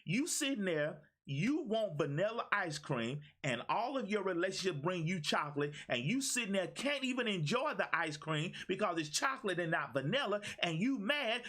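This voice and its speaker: A man coaching viewers on a live stream. His voice sits fairly high and swings widely up and down as he preaches, repeating lines and calling out names. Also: big pitch swings, moderate pace, hardly any pauses, a bit bright. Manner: preachy, repetitive, calls out viewers by name. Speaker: life coach. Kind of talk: motivational live-stream talk.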